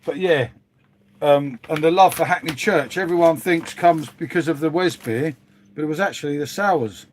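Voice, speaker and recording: A man's voice: on the high side, moderate pace, a little hiss or hum. Chatty bloke rambling to his stream. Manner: chatty, rambling, says "mate" constantly, mild swearing. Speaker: live stream host. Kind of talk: casual live stream chat with viewers.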